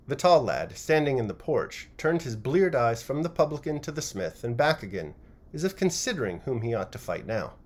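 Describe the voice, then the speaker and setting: Expressive male audiobook reader. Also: medium pitch, brisk. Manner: expressive, varied reading. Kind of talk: scripted narration of a classic novel.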